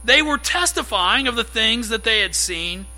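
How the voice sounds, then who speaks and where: Brief: male pastor, high and bright voice, lively conversational sermon delivery. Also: moderate pace, poor audio. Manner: conversational, animated preaching with acted-out quotes.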